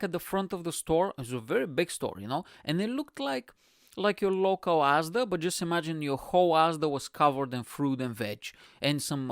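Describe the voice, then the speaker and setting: A man's voice: mid-range voice, no room sound, studio quality. A young man hosting a comedy podcast, telling rambling profane stories and acting out the people in them. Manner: profane, rambling, animated storytelling with quoted voices. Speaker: podcast host. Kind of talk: casual comedy podcast monologue.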